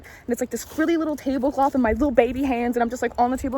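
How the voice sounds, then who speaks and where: Her warm, high voice runs very fast with few pauses. She's a tarot reader in her late twenties who vlogs on foot, spilling candid, rambling stories, confiding in viewers and swearing here and there.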